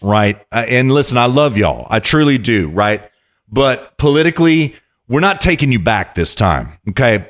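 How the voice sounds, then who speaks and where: A man's voice: medium pitch, fairly bright tone. A man hosting a podcast, delivering a heated, profane political rant full of repeated jabs. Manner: heated ranting, profane, repetitive. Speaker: podcast host.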